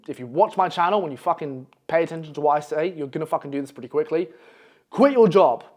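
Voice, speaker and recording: A young man giving a blunt, profane motivational monologue as an online coach, tagging "okay?" onto his points. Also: sits high. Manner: profane, brash, repeats "okay?".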